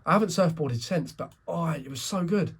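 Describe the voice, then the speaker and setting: A man's voice: on the high side, expressive, moderate pace, husky. A tired young man co-hosting a podcast, telling a story in casual chat with frequent restarts and self-corrections. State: tired, yawning. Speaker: podcast co-host.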